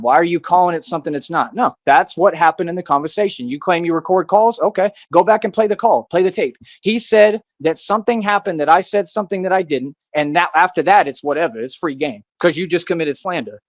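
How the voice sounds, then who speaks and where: A man's voice: high voice, fast talker, hardly any pauses, dry recording, dull audio. A man delivering an angry, defiant monologue to the camera, agitated and repeating himself as he rants. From United States.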